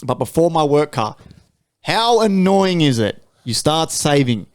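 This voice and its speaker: Animated, swearing Australian man ranting. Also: a little slow, clear, resonant tone. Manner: animated storytelling, swears freely, big pitch jumps when ranting. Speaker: podcast co-host. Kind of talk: casual chat.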